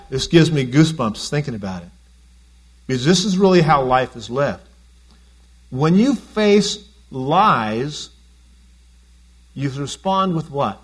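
Man preaching, higher voice. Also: breathy edge. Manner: conversational preaching, asks the congregation questions. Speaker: pastor. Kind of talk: sermon.

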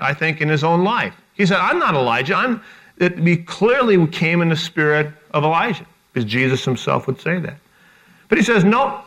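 A middle-aged pastor preaching with lively energy, his voice sitting a little high for a man. He often repeats words and slips into acting out the people he quotes. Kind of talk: sermon.

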